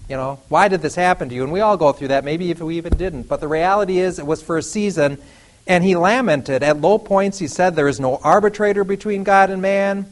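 A man preaching a sermon, animated, acting out biblical dialogue with laughs and sudden outbursts. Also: high voice, a little fast, poor audio. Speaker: pastor.

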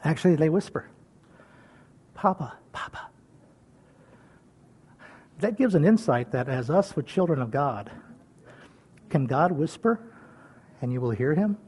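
An older man preaching a sermon in a folksy way, chuckling often and swinging between loud calls and soft whispers. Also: on the high side, expressive, normal speed, pauses often, a little hiss or hum. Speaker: pastor.

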